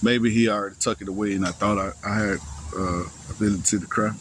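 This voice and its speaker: Low-voiced young man telling a story. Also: fairly even intonation, noisy background. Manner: halting, slangy and profane, with frequent restarts and sighs. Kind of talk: casual first-person storytelling.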